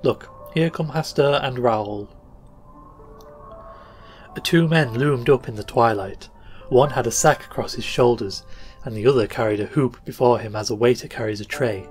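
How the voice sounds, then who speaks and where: A male podcast narrator telling an old tale in a steady, measured reading. His voice sits in an ordinary middle register. Soft music plays faintly beneath him. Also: medium pitch. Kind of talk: scripted storytelling narration. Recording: faint music bed under voice.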